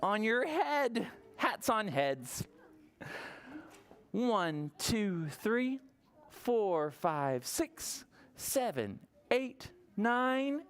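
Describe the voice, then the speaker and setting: A children's librarian reading a counting book to a group of toddlers. The voice swoops high and low with lots of life, and the pace is slow and unhurried. The reader coaxes the little ones along, sing-song and playful. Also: clear, resonant tone. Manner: sing-song, coaxing, asks the children questions; counts aloud slowly and playfully.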